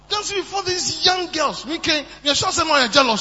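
A man preaching a sermon, moving from soft asides to shouted emphasis. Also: very high voice, animated, normal speed. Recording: muffled, with long hall reverb and faint hum.

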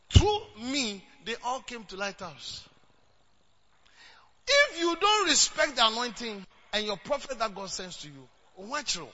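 A Ghanaian-accented male pastor preaching a sermon in a high, piercingly bright voice. He mixes English with Twi and climbs into shouted exhortation. The recording is dull and lo-fi, with a faint hiss beneath it. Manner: switches between English and Twi, rising to shouts.

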